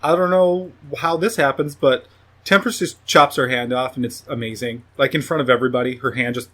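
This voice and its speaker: A man recapping a film plot for his review podcast, casual and profane, now and then mimicking characters in a higher voice. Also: fairly quick, a bit bright.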